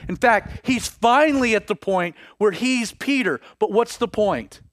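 A male pastor preaching a sermon, acting out scripture scenes with swings between loud intensity and hushed moments. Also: high-pitched, lively intonation, measured pace, dry recording, studio quality. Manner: dramatic preaching, voices scripture figures with rising intensity.

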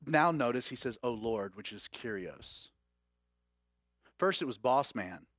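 A man preaching a sermon in an animated, conversational way with laughing asides. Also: medium pitch, unhurried, no room sound, studio quality. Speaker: pastor.

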